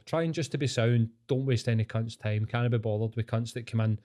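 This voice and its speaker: A man's voice: medium pitch, fairly quick, few pauses, dark tone. A man with a Scottish accent chatting casually and swearing freely, telling long rambling stories. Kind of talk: casual chat.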